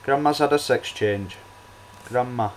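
A young man chats his way through a computer game, hesitant and rambling, stopping for ums and restarts. His voice sits at a middling pitch. Faint keyboard clicks and a light hiss sit behind him. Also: a little slow, rough recording. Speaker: let's play host. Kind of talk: casual gameplay commentary.

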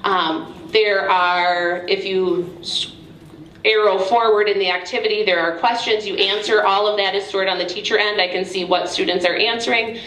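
In an echoey museum event room, a woman presenter casually demonstrates a math tool to teachers. Her medium-pitched voice is a bit bright, with fairly even intonation and a moderate pace, and her manner is chatty and informal.

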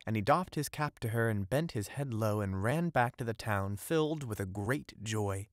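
Low-voiced man reading a fairy tale. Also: animated, no room sound. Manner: measured, storytelling. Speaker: audiobook narrator. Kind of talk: scripted audiobook narration.

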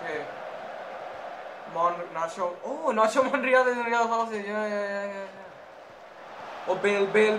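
High-voiced dude yapping over his football game, gets all anxious then yells, echoey room, bit of hiss. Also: normal speed, long pauses. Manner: excitable, nervous, swings between muttering and shouting. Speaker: gaming YouTuber. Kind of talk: Let's Play commentary.

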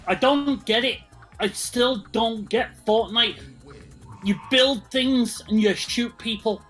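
A man's voice: extremely high pitch, takes it slowly, a bit bright, soft background music. A man explaining game tactics in a plain, matter-of-fact way. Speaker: player giving game tips. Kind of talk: casual chat while gaming.

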